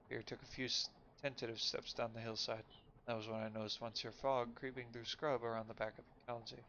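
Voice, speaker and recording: Man, streamer, reads a story game aloud, frequent slips and restarts, mid pitch, lo-fi, faint background noise. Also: level tone, a bit bright. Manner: quick reading with frequent stumbles and self-corrections.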